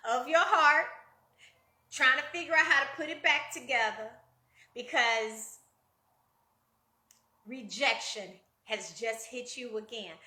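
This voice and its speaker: A woman's voice: sits high, sharp tone, roomy sound. A woman life coach giving a conversational motivational talk, addressing listeners directly and acting out quoted voices with big jumps.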